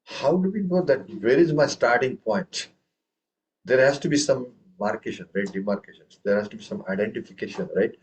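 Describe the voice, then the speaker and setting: A man's voice: medium pitch, fairly quick, a little mellow, highs cut off. Patient man teaching tabla with questions. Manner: asks students many questions, recites syllables with strong stress. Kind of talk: online group music lesson.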